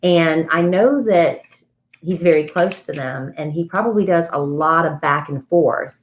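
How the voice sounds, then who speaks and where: A woman's voice: low-pitched, unhurried. A woman co-hosting a podcast, chatting casually and telling celebrity gossip like a story. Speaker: podcast co-host. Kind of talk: casual chat.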